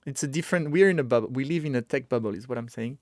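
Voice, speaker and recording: A man talks his way through a casual live coding stream, chatty and quick to get excited. He thinks out loud, often restarting his sentences. His voice sits at an ordinary pitch and sounds dry, with no room around it. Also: no room sound. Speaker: streamer teaching web development.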